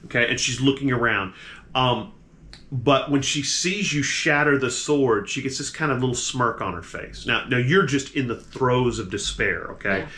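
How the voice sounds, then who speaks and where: A man narrating a tabletop game as game master, halting and restarting his sentences. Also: medium pitch, pushed and bright. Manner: halting, full of restarts and fillers.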